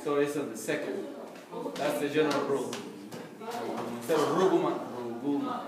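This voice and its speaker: A man's voice: fairly high pitch, fairly even intonation, normal speed. A man in a classroom, asking for words again and explaining a stress rule. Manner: asks for words to be repeated, explains rules. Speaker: learner and co-teacher. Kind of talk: classroom discussion. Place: classroom with a group of learners. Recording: echoey classroom, mic far off. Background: loud class chatter.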